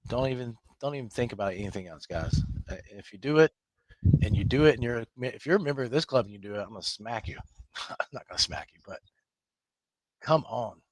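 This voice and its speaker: Man, live trading host, emphatic, scolding, laughs often, mid pitch, dry close sound. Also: expressive, a little fast, long pauses, husky, dry recording.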